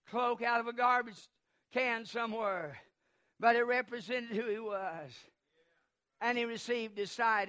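High bright-voiced preacher, shouting. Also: male voice. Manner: impassioned, swelling into shouts. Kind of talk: sermon.

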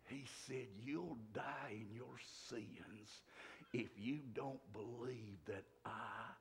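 A male preacher, delivering a sermon that swings from shouts to hushed whispers. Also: mid-range voice, slow, vocal fry, slight background noise.

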